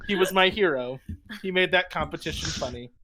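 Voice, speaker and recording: A man co-hosting a podcast, telling funny stories in an animated way. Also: sits high, a little hiss or hum. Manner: animated, storytelling. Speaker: podcast co-host. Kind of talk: casual storytelling.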